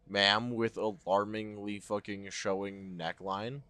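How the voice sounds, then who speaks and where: A man's voice: lowish voice, normal speed, bright, forceful tone, no echo. A man giving casual, joking and profane commentary as he plays a horror game, talking to his viewers. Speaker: let's play host.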